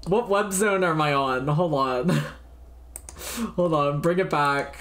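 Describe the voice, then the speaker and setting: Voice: mid-range voice, slow, fairly bright tone. A livestreamer chatting casually while browsing the web, rambling and easily distracted, laughing often and swearing now and then.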